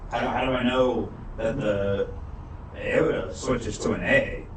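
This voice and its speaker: A male student asking halting questions in a classroom. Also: medium pitch, steady tone, slight background noise. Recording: echoey room from far off.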